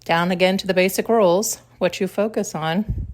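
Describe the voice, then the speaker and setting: A woman hosting a podcast muses on spiritual ideas in a reflective monologue, pausing and correcting herself as she searches for words. Her voice is lowish with fairly even intonation, and she grows tearful at times.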